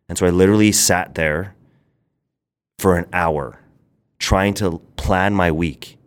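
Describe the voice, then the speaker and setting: Young man, deep voice, rambling podcast guest, talks in bursts. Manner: rambling, quick bursts, quotes people in animated voices. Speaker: podcast guest, brand founder. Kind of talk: casual interview storytelling.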